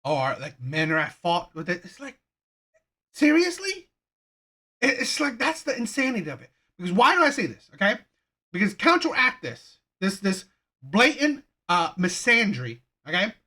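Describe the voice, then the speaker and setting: A man's voice: sits high, big pitch swings, moderate pace, pushed and bright. A man hosting a reaction channel, ranting heatedly with frequent profanity and repeated phrases. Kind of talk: reaction commentary rant.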